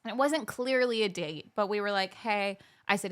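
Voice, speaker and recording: A young woman co-hosts a casual podcast chat and tells a dating story with lively energy. She slips into the voices of the people she quotes as she goes. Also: mid-range voice, moderate pace. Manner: animated, acts out quoted dialogue. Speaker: podcast co-host.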